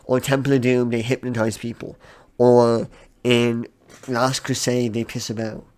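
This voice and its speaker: A man's voice: mid-range voice, little pitch movement, a little mellow, clean tone. A man co-hosting a podcast, chatting casually about films. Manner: chatty, brisk, mock-imitates people. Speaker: podcast co-host. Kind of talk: casual film review chat.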